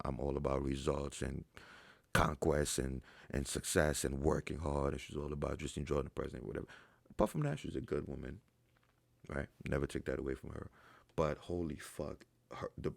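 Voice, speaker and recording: A man with a very deep, fry-laden voice talks through viewer questions like a blunt dating coach. He is profane and emphatic, sinking into low mutters and then breaking into loud outbursts. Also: no echo. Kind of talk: casual Q&A monologue.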